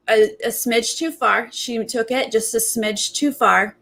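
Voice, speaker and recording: A woman's voice: fairly even intonation, unhurried, gravelly, few pauses, fairly bright tone. Chatty woman hosting a TV recap. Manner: chatty, acts out quotes with big pitch jumps. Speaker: reality TV recap host. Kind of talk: casual commentary.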